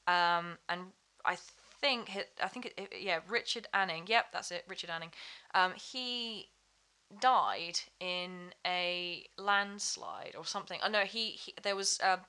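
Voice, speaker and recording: A woman's voice: lowish voice, a little slow, pushed and bright, smooth. A woman chatting as a podcast guest, rambling with many fillers and restarts. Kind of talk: casual chat.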